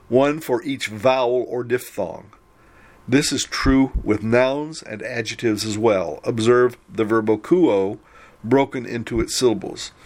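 A man teaching a recorded Greek grammar lesson, explaining in a measured way and slowing down to spell out syllables. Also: mid-range voice.

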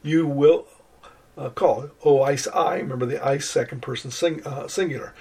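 An older man lecturing on New Testament Greek grammar, measured and deliberate, slowing down to spell out each Greek word. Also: mid-range voice, dark tone, slightly rough. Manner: measured, slows to spell out Greek words, some restarts. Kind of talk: recorded lecture.

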